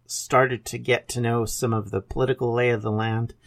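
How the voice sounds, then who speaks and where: This podcast host is a Canadian man in his fifties with a mid-range voice, flat delivery and moderate pace. In a casual intro, he talks earnestly and rambles about himself, with frequent self-corrections, in Canadian English.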